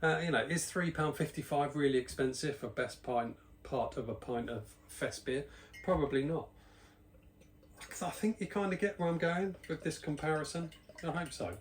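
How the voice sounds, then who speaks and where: A man's voice: on the high side, normal speed, slight background noise. Chatty British-based man reviewing beer. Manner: chatty, rambling, self-deprecating asides. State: slightly out of breath. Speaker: beer reviewer, channel host. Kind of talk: casual spoken beer review.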